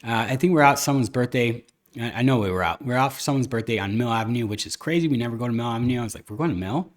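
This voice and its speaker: A man talks through a casual podcast chat in a middle-pitched voice. He rambles candidly from one story to the next, acting out bits of past conversations as he goes. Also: rapid-fire. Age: adult, a father. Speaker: podcast host.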